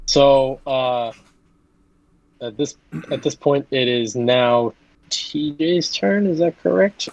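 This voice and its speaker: A man running a tabletop game as game master, laid-back and laughing often, with halting restarts. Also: mid-range voice, vocal fry, rough recording.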